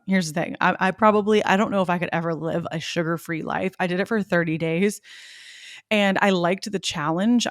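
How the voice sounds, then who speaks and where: A woman's voice: lowish voice, dry recording, clean studio sound. A young woman from Tennessee hosting a solo podcast, telling a personal story in a chatty, confessional way full of "like"s. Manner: chatty and confessional, many "like"s, quoting herself and others. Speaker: podcast host.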